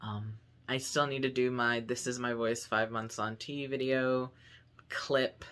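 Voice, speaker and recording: A young man talks casually to his camera at home in a vlog. His voice sits at a middle pitch for a man. He is chatty and upbeat, rambling along with plenty of fillers. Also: level tone, unhurried, fairly bright tone. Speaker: vlogger. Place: home room.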